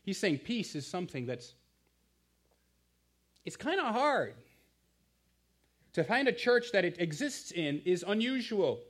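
A man's voice: high voice, big pitch swings, normal speed, few pauses, fairly bright tone. A man in his thirties preaching a sermon in a conversational, emphatic way, often asking the listeners questions. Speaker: guest preacher, campus missionary.

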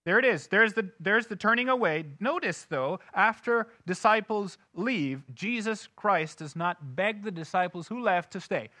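Animated high-voiced male preacher. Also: moderate pace, hardly any pauses, dry recording, clean studio sound. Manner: animated preaching, dropping to soft low asides and rising to loud emphatic questions. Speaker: pastor. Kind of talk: sermon. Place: church sanctuary.

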